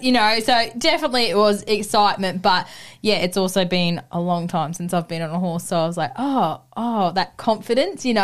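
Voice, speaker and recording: A woman hosting a casual chat. She tells her stories in an animated, agreeable way. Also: mid-range voice, smooth.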